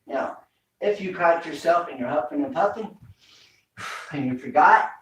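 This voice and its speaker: A man's voice: on the high side, expressive, normal speed. A man teaching a home workout, coaching breathing with repeated cues. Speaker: fitness instructor. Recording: echoey room, mic far off.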